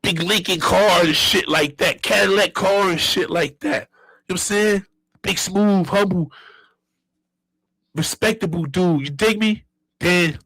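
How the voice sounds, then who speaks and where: A man in his fifties from Brooklyn with a New York accent, telling stories as a guest in an animated, streetwise and profane way. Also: high voice, a little slow, breathy edge, no echo, rough recording. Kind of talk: casual storytelling.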